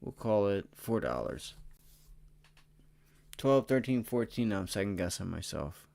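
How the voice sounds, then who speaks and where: Man, low-pitched, tired, energetic, casual livestream chart talk. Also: measured pace, creaky. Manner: energetic and excitable, swearing, talking to chat. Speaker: stock trading livestream host. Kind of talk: casual live chart commentary.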